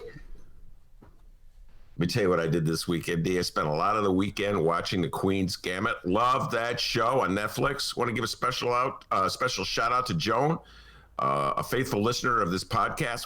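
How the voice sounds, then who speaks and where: A man's voice: fairly low pitch, very animated, moderate pace, bright, forceful tone. A middle-aged man hosting a casual podcast talk show from a studio, rambling through jokes and asides with frequent chuckles. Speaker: podcast host.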